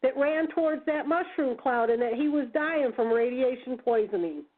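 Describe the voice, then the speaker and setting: High-voiced woman on a phone line. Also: expressive, normal speed. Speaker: host. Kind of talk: casual talk radio.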